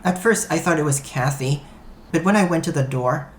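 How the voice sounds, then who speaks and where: A man narrating a first-person story in an even, matter-of-fact way. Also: on the high side, moderate pace, a little hiss or hum. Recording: roomy echo.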